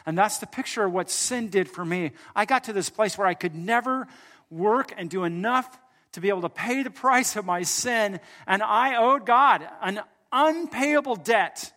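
A man preaching a sermon as pastor, telling a story, swinging from loud emphatic lines to soft hushed ones and joking with his congregation. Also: sits high, normal speed. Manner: jokes with the congregation.

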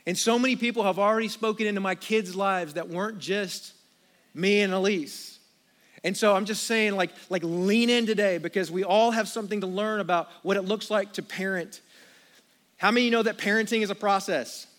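A man in his thirties from the United States preaching a sermon, telling stories with animated, acted-out outbursts. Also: high-pitched, a little fast. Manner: storytelling, animated, acts out his own outbursts. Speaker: pastor. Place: church auditorium with congregation.

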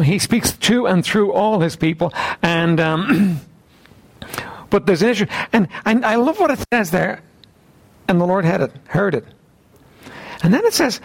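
Male preacher, gravelly voice, lively and varied delivery, keeps clearing his throat while teaching from scripture. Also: high voice. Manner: reads scripture aloud in old wording. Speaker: Bible teacher. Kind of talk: sermon with scripture reading.

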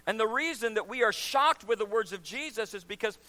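A man preaching a sermon as pastor, swinging from quiet, low asides to loud, shouted emphasis. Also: animated, brisk.

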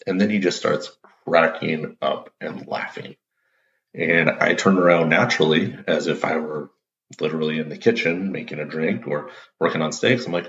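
With an extremely low, creaky voice at normal speed, the show's host tells a lighthearted story in a relaxed, cheerful monologue. The recording sounds lo-fi, dull, and roomy.

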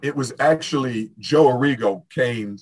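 A middle-aged man, a strength coach, telling stories in a lively interview and acting out the quoted dialogue. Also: mid-range voice, unhurried. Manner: animated storyteller, acts out quoted dialogue. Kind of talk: fast casual interview talk.

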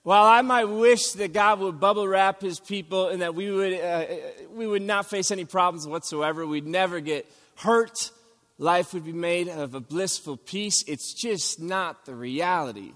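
A man's voice: high-pitched, normal speed, fairly bright tone, in a large hall. A man preaching a sermon as pastor, earnest and rising for emphasis. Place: church sanctuary.

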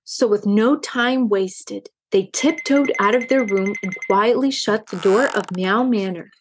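A woman, the book's author, reading her children's story aloud in an expressive way. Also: mid-range voice, measured pace, slightly rough.

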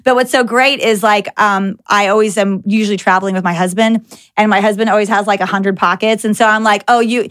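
A young adult woman hosting a podcast, telling anecdotes in an animated, filler-heavy casual chat. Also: medium pitch, fairly quick. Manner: animated storyteller with many "like" fillers. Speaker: podcast host.

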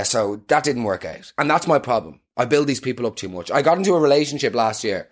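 A man's voice: mid-range voice, animated, quick pace, few pauses. A young man hosting a podcast, telling comic stories in a rambling, self-mocking way and laughing through them. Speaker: podcast host. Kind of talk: comedic storytelling.

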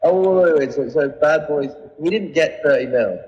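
A man's voice: fairly high pitch, normal speed, darkish tone, long reverb tail, lo-fi sound. A man as a podcast guest, chatting casually with rambling, laughing asides. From England. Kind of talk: casual chat.

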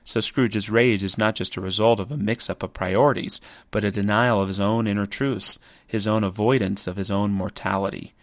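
A man with a low-pitched voice delivers a contemplative spoken essay, posing rhetorical questions as he goes. The sound is dry and close, with no room echo. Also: steady tone, normal speed, few pauses.

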